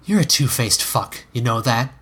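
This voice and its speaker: A man reading a story aloud and voicing a bold, sharp-tongued adult woman with a lifted pitch. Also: animated, normal speed, slightly rough. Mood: scornful. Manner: coy, teasing, turning scornful.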